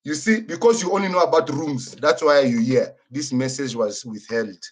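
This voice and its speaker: A man, indignant and heated as he walks through his house on a live stream. He swears freely and repeats his points over and over, in a voice of ordinary middle pitch. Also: normal speed. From Angola.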